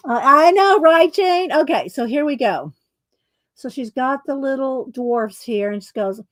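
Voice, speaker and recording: A woman's voice: high voice, a little slow. A woman hosting a casual crafting livestream, chatting with viewers by name as she works. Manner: chatty, many fillers and restarts, talks to viewers by name.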